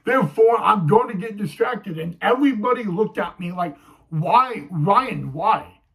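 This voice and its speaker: A young man telling a personal story to camera, halting, with many fillers and restarts. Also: high-pitched, rough recording. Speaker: vlogger.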